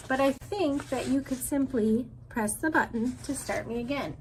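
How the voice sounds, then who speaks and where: A woman voicing a calm, polite female robot mother in a storybook reading. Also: sits high, normal speed, a little hiss or hum, pitched above the performer's own voice, rough recording. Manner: even, formal, friendly.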